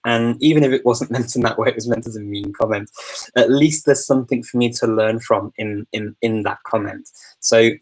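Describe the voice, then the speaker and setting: A man's voice: mid-range voice, fairly even intonation, normal speed, poor audio. A man from the United Kingdom hosting a live Q&A, answering viewer questions in a thoughtful, upbeat, casual way. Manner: thoughtful and upbeat, calls himself a positive person. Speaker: host of a live Q&A.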